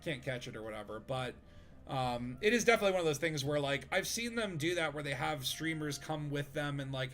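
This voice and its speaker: A man hosts a relaxed gaming stream, talking in loose, meandering sentences full of "like" and "you know." He narrates what he is doing in the game as he goes. His voice sits a little on the higher side. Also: a little fast, faint music behind. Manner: rambling, filler-heavy, chatty; narrates own gameplay. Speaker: streamer host. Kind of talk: casual gaming stream chat.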